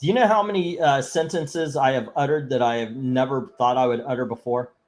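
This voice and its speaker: A man's voice: mid-range voice, steady tone, a little fast, a little mellow. A man hosting a live comic book auction stream, chatting casually in a rambling, joking way and reading out viewer comments. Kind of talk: casual livestream chat.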